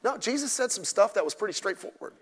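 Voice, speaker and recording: A man's voice: high voice, lively intonation, fast talker, husky. A male pastor preaching a sermon at a midweek service, blunt and emphatic with mocking asides. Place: church during a midweek service. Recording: echoey church hall.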